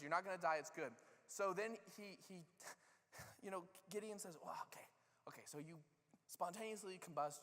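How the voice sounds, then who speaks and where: Animated man preaching in a reverberant hall. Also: a little high. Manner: animated storytelling, acting out characters' lines. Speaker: pastor. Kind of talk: sermon. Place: church sanctuary.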